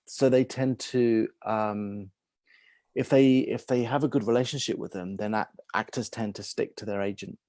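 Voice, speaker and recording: A man's voice: lowish voice, fairly even intonation, moderate pace, a little mellow, no echo. A man, a guest agent in a casual interview, speaking hesitantly with many restarts.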